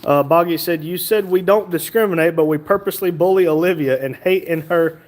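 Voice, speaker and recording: A man's voice: on the high side, a little fast, a little mellow. A man hosting a casual livestream, reading viewer comments aloud and joking along. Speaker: livestream host reading chat.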